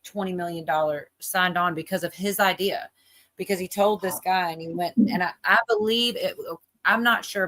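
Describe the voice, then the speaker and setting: A woman's voice: lowish voice, fairly bright tone. A woman hosting a livestream, chatting casually and rambling with lots of fillers while she reacts to a video. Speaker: livestream host.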